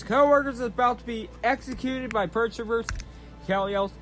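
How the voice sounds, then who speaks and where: A man's voice: extremely high pitch, moderate pace, fairly bright tone, faint music behind. A man hosting his channel, recapping in a casual, rambling way, often restarting and repeating himself. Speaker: channel host recapping a trailer.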